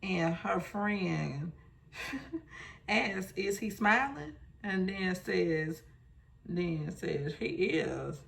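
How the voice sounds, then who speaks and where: Slow sassy lady with a gravelly voice recapping reality tv. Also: lowish voice. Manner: sassy, talks back to the screen. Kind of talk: casual show recap.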